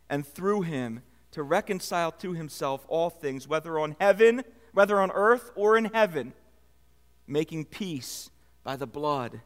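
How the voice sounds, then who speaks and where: A man preaching a sermon as pastor, pressing key words and letting phrase endings fall low. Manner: preaching with rising emphasis and trailing low endings. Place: church sanctuary. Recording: long reverb of a church hall.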